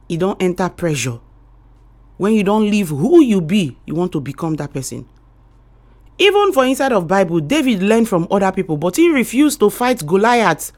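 A woman with a Nigerian accent hosting a morning radio show, giving motivational talk in a preachy way and calling her listeners darling and sweetheart. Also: medium pitch. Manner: rhythmic repetition, swings between loud and quiet.

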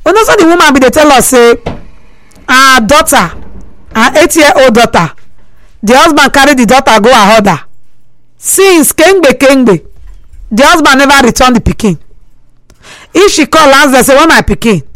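A woman with a Nigerian Pidgin accent, hosting a talk show and retelling a listener's story in a lively voice with drawn-out emphasis. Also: high voice, no echo, poor audio. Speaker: radio talk host.

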